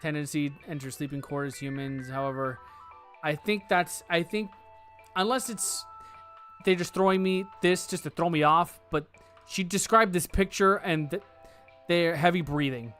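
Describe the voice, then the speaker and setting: A man's voice: on the high side, steady tone, moderate pace, fairly bright tone, faint music behind. A man giving casual let's-play commentary, thinking aloud, hedging and joking as he works through cases. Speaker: game streamer.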